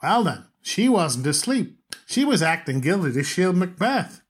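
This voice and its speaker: A man reading aloud, voicing a chatty, insistent American woman who loves mysteries, in a husky voice. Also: sits high, unhurried, pitched above the performer's own voice, exaggerated voice. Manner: insistent, animated.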